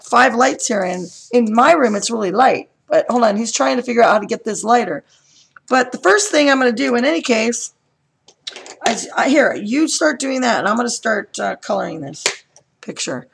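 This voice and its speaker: Excitable high-voiced woman with gravelly tone. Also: slight background noise, low-quality recording. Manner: excitable, chatty, asks lots of questions. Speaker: coloring channel host. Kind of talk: chatty live stream setup. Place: home room with bright lights.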